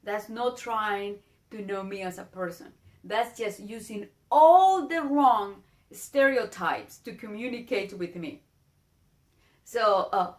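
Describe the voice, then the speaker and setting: A woman's voice: medium pitch, animated, slow. A woman whose first language is Spanish, teaching with a Spanish accent in a casual video lesson, earnest and drawing out her vowel sounds. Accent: Spanish-speaking.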